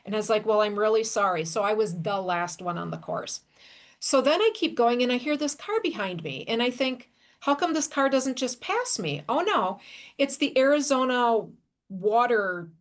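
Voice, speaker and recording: Podcast host, female, slightly high voice, animated self-deprecating storyteller. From Wisconsin, USA. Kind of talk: casual storytelling.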